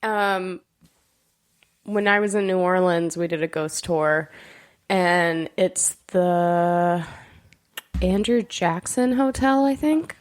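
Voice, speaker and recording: A woman's voice: on the low side, slow pace, long pauses. A woman co-hosting a podcast, chatting casually, teasing and telling stories with laughs. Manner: laughing, teasing, animated storytelling. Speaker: podcast co-host. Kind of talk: casual chat.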